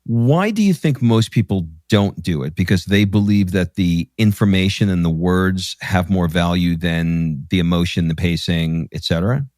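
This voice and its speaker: A man's voice: low voice, moderate pace, few pauses, darkish tone, no echo, studio quality. A man hosting a podcast interview, asking short, curious follow-up questions. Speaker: podcast host. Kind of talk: conversational interview.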